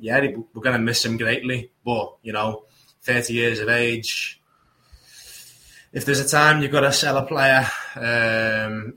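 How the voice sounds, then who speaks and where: A man's voice: fairly low pitch, sharp tone, low-quality recording. A man co-hosting a podcast, chatting casually about football with many fillers and restarts. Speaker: podcast co-host.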